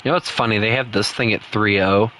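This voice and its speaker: A man's voice: lowish voice, a little fast, a little hiss or hum, rough recording. A young man, chatting casually and ranting while he plays a game from his home setup. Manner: loose, rambling, swings into loud frustrated outbursts. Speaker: gaming streamer. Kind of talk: casual gameplay commentary.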